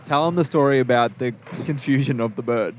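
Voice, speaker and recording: A man's voice: mid-range voice, a little fast, a little hiss or hum. Man chiming in on a podcast. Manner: chiming in with short reactions and prompts. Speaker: podcast co-host. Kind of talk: casual chat.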